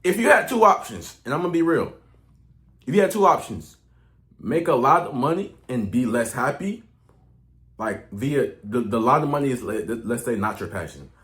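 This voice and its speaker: Out of breath, a young male online coach rambles through an unscripted motivational rant to camera, heavy on slang and swearing. His mid-range voice is sing-song at a moderate pace, and he restarts often, swinging from mumbling to loud.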